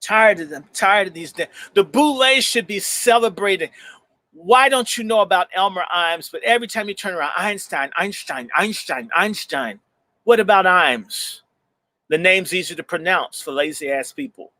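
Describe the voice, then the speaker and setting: Male host, higher-pitched voice, intense and emphatic delivery, repeats lines for force, dry close-mic sound. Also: normal speed, pushed and bright, dry recording. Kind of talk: heated commentary and reading aloud from a book.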